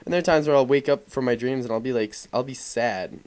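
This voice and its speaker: A man's voice: mid-range voice, fast talker, darkish tone. A young man giving casual, rambling voice-over commentary over gameplay, full of fillers and swearing. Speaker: gaming commentator.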